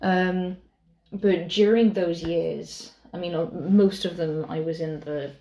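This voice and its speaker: A young woman co-hosting a podcast, speaking in casual chat, unhurried and hesitant with many fillers. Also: lowish voice, fairly even intonation, warm tone. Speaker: podcast co-host. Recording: roomy echo.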